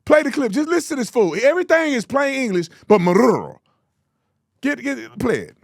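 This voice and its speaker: Man, political commentary host, mocking, exasperated, lively pitch, dry sound. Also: fast talker, vocal fry, dry recording. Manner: mocking, exasperated, repeats words for emphasis.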